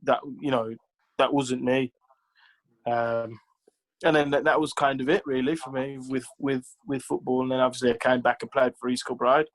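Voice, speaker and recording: Here a man who used to play football professionally chats as an interview guest, spinning stories packed with "like," "you know," and acted-out quotes. His mid-range voice is flat and moves at a moderate pace, captured on a low-quality recording.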